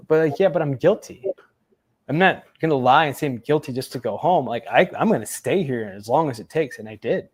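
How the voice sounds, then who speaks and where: Man, interview guest, casual storytelling, animated quoted voices, lots of "like" and "you know". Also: mid-range voice. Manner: animated retelling, acts out quoted voices, many fillers. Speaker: guest, former Navy SEAL.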